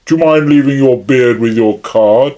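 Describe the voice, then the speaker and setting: A man's voice: medium pitch, moderate pace, warm tone, natural voice. A man voicing a huge male anarchist chief who is genial yet menacing, speaking in a grand, mock-friendly way. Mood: grandly menacing.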